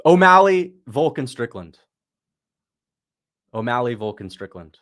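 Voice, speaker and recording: An excitable man calling fight action live on his stream, chatting straight to viewers in between. His voice sits in an ordinary middle range, easygoing and casual, with bursts of excitement when something big lands. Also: mid-range voice, a little slow. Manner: excitable, talks to chat, sudden shouts at big moments. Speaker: livestream host reacting to fights.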